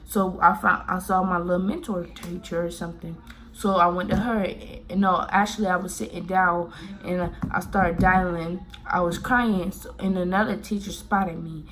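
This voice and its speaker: A woman's voice: on the low side, steady tone, normal speed, a bit bright, slight background noise. A woman from Miami telling a personal story in a casual, rambling way, full of fillers and restarts. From Miami, Florida.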